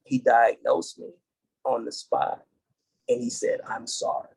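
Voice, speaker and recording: A middle-aged man from the United States, a podcast guest, telling his story in an earnest, halting way and restarting dates as he goes. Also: mid-range voice, sing-song, creaky, darkish tone, slightly rough, rough recording. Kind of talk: casual interview storytelling.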